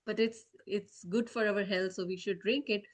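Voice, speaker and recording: A woman teaching children, telling them a story in an animated way and often checking in to ask whether they follow. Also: mid-range voice, moderate pace.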